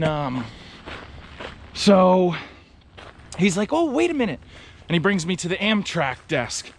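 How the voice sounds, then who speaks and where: A man's voice: fairly high pitch, slight background noise. A man vlogging, telling a travel story in a casual, sarcastic way. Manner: sarcastic, animated retelling.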